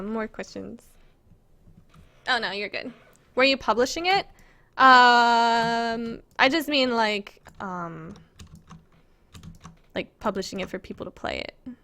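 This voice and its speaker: A woman chats casually on a live stream while showing her game-making work, giggling and rambling as she reads viewer questions aloud. Her voice is fairly high, pushed, and bright.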